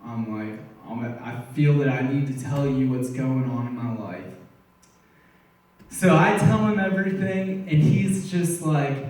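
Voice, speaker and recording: A young man shares his testimony before a church congregation, talking in an earnest, excitable way and playing out conversations. His voice sits somewhat high and is picked up from a distance. It carries a heavy church echo. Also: normal speed. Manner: storytelling, acting out conversations in quotes; earnest, excitable, laughing often. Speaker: church member giving testimony. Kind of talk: personal testimony in a church service. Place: church sanctuary. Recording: echoey church, voice off-mic.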